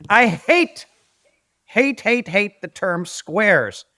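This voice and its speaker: A man's voice: sits high, animated, extremely slow, pushed and bright, no room sound. A man hosting a casual sports podcast, ranting emphatically and bantering with his co-hosts. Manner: emphatic, bantering, rant-style delivery. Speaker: podcast host.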